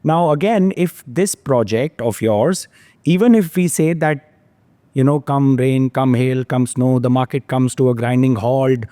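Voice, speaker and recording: A man's voice: mid-range voice, measured pace, mellow, dry recording. A man hosting a podcast, talking through property figures in an analytical way and checking in with "yeah?". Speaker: podcast host, real estate analyst. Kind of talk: podcast discussion.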